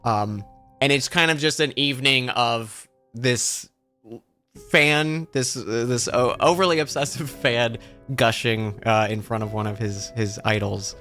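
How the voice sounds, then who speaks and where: A man narrates a tabletop game as its game master, stopping and restarting his phrases often. His voice is bright, with faint music behind. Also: medium pitch. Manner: halting, with many fillers and restarts.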